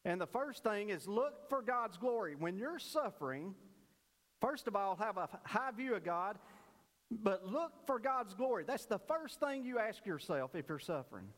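A man's voice: high voice, sing-song, normal speed, fairly bright tone, long reverb tail. A man preaching a sermon, telling a folksy joke story and then teaching earnestly about prayer. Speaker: pastor.

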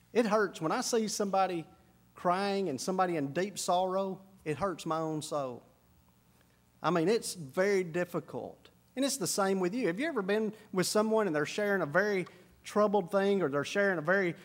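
Male preacher, high voice, dynamic sermon delivery from soft to emphatic. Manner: preaching with wide swings from hushed to emphatic. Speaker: pastor.

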